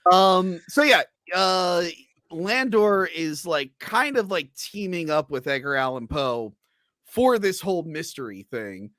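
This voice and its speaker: A man's voice: sits high, lively intonation, takes it slowly, sharp tone, no room sound, clean studio sound. A man hosting a casual movie review podcast. He rambles, with many fillers and restarts. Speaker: podcast host.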